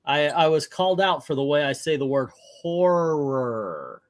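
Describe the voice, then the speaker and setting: A man's voice: on the high side, animated, measured pace, no room sound. Joking, rambling man hosting. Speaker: host. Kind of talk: casual movie chat.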